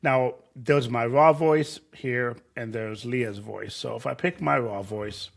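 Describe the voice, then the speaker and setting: A man in an easygoing tutorial voice, mid-pitched and conversational. He explains steps in a loose, rambling way, often backing up to rephrase. It sounds like a laid-back lesson given while sharing his screen. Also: slow, gravelly. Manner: loose and conversational, with frequent fillers and restarts. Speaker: tutorial host. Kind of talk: casual screen-share tutorial.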